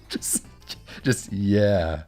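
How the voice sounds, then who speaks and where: A man's voice: on the low side, wildly swooping pitch, very slow, dark tone, soft background music. A man co-hosting a casual chat, laughing often as he tells stories. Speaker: podcast co-host.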